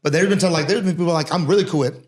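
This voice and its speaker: A man's voice: fairly high pitch, very fast. A man co-hosting a podcast who also coaches students, telling stories in loose, slangy casual chat.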